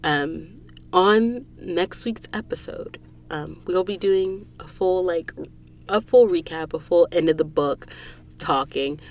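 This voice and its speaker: A woman's voice: lowish voice, slow. A woman hosting a podcast, retelling a novel's events in a chatty, casual storytelling way from a recording booth. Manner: chatty storytelling, lots of "um" and "she's like". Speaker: podcast host. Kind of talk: casual book recap podcast.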